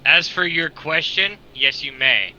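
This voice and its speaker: A man voicing a calm yet intimidating man in a tabletop game, speaking quietly and low-key. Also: a little slow, dull audio, exaggerated voice. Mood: calm, menacing.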